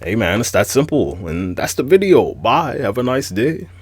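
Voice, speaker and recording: A young adult man hosting a casual, profane commentary rant, animated and incredulous. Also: medium pitch, normal speed, husky, no room sound. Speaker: host.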